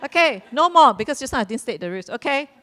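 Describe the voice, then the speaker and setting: A woman's voice: high-pitched, very animated, fast talker, sharp tone. A woman hosting a live quiz at a community celebration, playful and repeating her instructions, laughing now and then. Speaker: quiz host.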